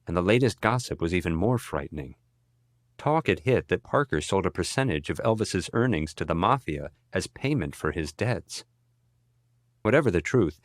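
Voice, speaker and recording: Male audiobook narrator, low voice, dry close sound, measured read. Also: animated, no room sound. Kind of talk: scripted narration.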